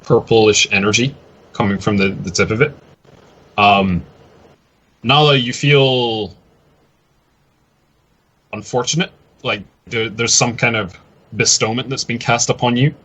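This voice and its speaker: Low, bright-voiced dungeon master. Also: male voice. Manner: loose and chatty, many likes and ums. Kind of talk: narrating a tabletop game.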